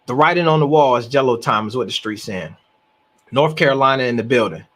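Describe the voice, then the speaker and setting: A man's voice: medium pitch, fairly quick. A man hosting a live reaction stream, talking emphatically and repeating words as he works through his thoughts. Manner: animated, emphatic, repeats words while thinking.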